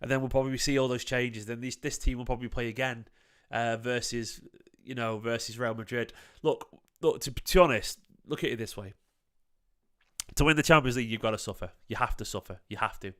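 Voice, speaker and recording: A man reacting to a match live for his fan channel, in a smooth, clear voice. His talk is casual and emphatic, with a pitch that sits in the middle. He hammers points home by repeating them and swears freely. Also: steady tone, a little fast, fairly bright tone. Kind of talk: livestream football match reaction.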